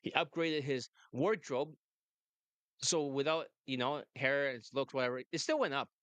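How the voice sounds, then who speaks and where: A man's voice: mid-range voice, moderate pace, fairly bright tone, clear, resonant tone, dry recording. A man coaching on dating, talking brashly and laughing often in casual chat. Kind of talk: casual monologue and phone call.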